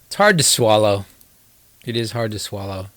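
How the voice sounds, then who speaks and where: A man's voice: on the low side, big pitch swings, moderate pace, fairly bright tone, no room sound. A man casually talking through a live game stream, rambling and wry, poking fun at himself as he plays. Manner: rambling, wry and self-mocking. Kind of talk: casual live-stream commentary while gaming.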